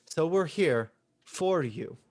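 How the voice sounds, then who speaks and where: A man voicing a calm, loyal bald warrior in armor during a tabletop game, speaking steady and earnest. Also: a little high, slow pace, voice pushed up.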